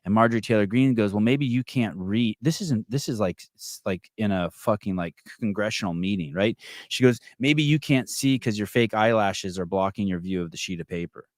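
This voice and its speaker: A man hosting a podcast, telling a story in casual chat, swearing often and getting animated. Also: lowish voice, normal speed, hardly any pauses, no echo, clean studio sound. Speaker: podcast host.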